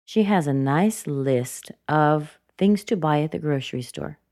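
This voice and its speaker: A woman's voice: deep voice, unhurried, darkish tone, no room sound, studio quality. A woman teaching English pronunciation, explaining patiently and repeating words to show how the intonation rises and falls. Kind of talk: slow explanatory lesson.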